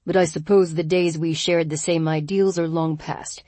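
A woman's voice: deep voice, dry recording, lightly acted. A woman narrator voicing a composed male guild leader who speaks coolly and evenly, heard over a phone call. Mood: coolly stern. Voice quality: calm, cool, measured. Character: calm, deep-voiced male guild leader.

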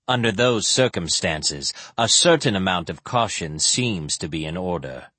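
Uomo che fa un mercenario ubriaco e biascicante. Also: male voice, deep voice, expressive, unhurried, bright, forceful tone, slightly rough, dry recording, pitched below the performer's own voice, full character voice. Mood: sardonic. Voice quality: slurred, mushy. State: drunk. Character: drunk, cynical male mercenary, low and sneering.

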